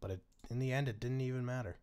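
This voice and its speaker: A man's voice: mid-range voice, fast, a little mellow, smooth. A man casually commentating a strategy game, wry and chuckling, swearing freely as he reacts. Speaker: gaming channel host.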